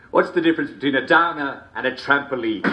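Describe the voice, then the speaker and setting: A man's voice: medium pitch, pushed and bright, slight background noise. An actor playing a jolly TV show host, chuckling constantly between lines in chummy showman patter. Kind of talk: video game character performance.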